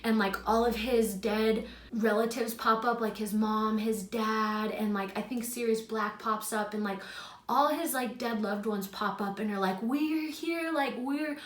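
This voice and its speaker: A woman's voice: medium pitch, fairly even intonation, measured pace, echoey room. A young woman telling a personal story in a casual vlog, chatty and full of "like", emotional at times. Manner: chatty, heavy use of "like". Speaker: YouTuber. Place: her home, indoors.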